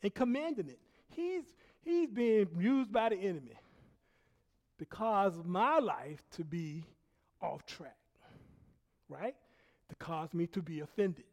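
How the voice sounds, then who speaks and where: A man preaching a sermon, telling a personal story in an animated way, laughing often and dropping from loud bursts to hushed quiet. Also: sits high. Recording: long hall reverb.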